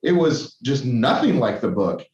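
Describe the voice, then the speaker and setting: A man's voice: mid-range voice, sing-song, unhurried, a little mellow. Rambling man on a roomy podcast. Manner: rambling, self-correcting, many restarts. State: tired and caffeinated. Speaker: podcast co-host. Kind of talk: casual podcast chat. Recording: roomy, dull lo-fi sound.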